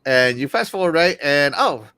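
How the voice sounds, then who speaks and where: A man hosting a casual gaming talk show, excitable and jokey, often trailing off quietly at the ends of sentences. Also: on the high side, moderate pace, clear, resonant tone, no echo. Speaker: podcast host.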